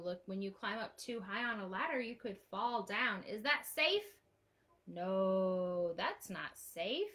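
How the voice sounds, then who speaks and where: A woman's voice: medium pitch, unhurried, a bit bright. A woman librarian holding an online storytime for young children, reading aloud and singing with a sing-song, exclaiming manner.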